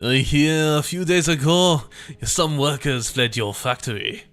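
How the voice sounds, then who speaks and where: A man's voice: mid-range voice, fairly quick, sharp tone, soft background music, lightly acted. A man voicing a suave villainous male factory overseer in a put-on French accent, in a pompous manner. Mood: smooth, menacing.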